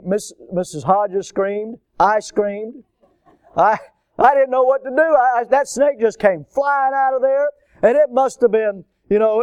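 A middle-aged man, preaching a storytelling sermon and acting out voices and shouts from his tales. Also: sits high, clean tone, dry recording. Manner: animated, acts out voices and shouts in stories. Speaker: preacher at a school chapel.

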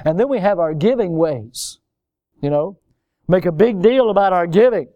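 A male pastor preaching a sermon, swinging between loud emphatic outbursts and low, quiet asides. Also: normal speed, no room sound, muffled recording. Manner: animated, swings from loud high exclamations to low quiet remarks.

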